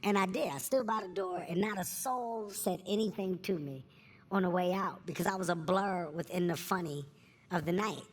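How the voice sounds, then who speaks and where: A man telling candid stories in an interview as a comedian guest, earnest and animated, at a live event before an audience. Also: high voice, normal speed.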